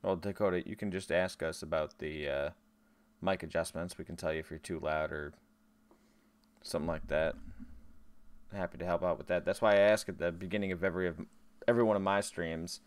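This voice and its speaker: A man's voice: low-pitched, steady tone, brisk, long pauses, clean tone, no echo. A man streaming a game, chatting casually with his viewers between tasks. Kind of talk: casual live-stream chat while gaming.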